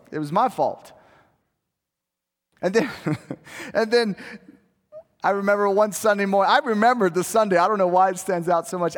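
High-voiced pastor in reverberant hall. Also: male voice, a bit bright. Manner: conversational and self-deprecating, building to fervent appeals. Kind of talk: sermon. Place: church sanctuary. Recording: long reverb of a large hall.

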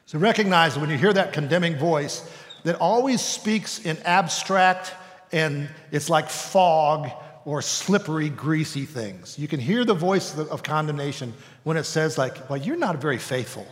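Reverberant male preacher, fairly high voice. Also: unhurried. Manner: conversational preaching, acts out voices. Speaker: pastor. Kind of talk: sermon.

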